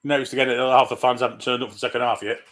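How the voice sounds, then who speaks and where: A man's voice: medium pitch, level tone, rapid-fire, a bit bright. A man co-hosting a live football watchalong, bantering wryly and asking rhetorical questions. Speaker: watchalong co-host. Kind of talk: live match watchalong chat.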